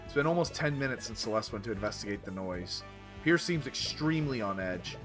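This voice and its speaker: Give me a man narrating a game aloud with an animated, lively delivery. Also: on the low side, a little fast, faint music behind. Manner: expressive narration. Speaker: streamer playing a visual novel. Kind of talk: reading game text aloud.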